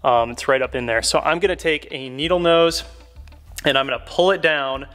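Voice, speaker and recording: Brief: relaxed male car YouTuber, slightly high voice, walking through a repair step by step, soft music underneath. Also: normal speed. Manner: laid-back, chatty, enthusiastic. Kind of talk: casual how-to car tutorial. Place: inside a car while working on trim.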